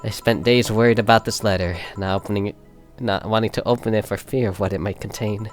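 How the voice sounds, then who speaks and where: Male fan voicing a guarded woman bartender, halting and self-deprecating; low register, faint music underneath. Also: steady tone, close to an everyday voice. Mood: exasperated. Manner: halting, stammering, self-mocking. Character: weary young woman bartender, anxious and guarded. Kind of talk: fan voice acting of a visual novel.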